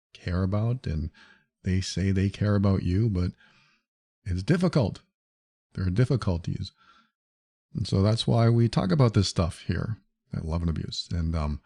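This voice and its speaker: A man's voice: sits low, warm tone, dry recording. A man hosting a solo advice podcast, talking earnestly and reassuringly, thinking aloud with small restarts. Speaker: podcast host.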